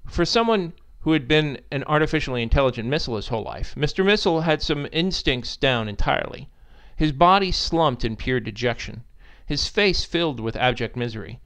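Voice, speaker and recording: A man narrating a story in an expressive, animated reading style. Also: mid-range voice, normal speed, clean tone.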